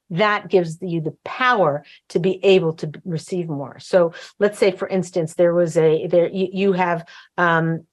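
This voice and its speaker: A woman hosting a talk show, coaching in a casual chatty way, often acting out what wives and husbands might say. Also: fairly low pitch. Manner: chatty, acts out quoted voices, frequent fillers and restarts.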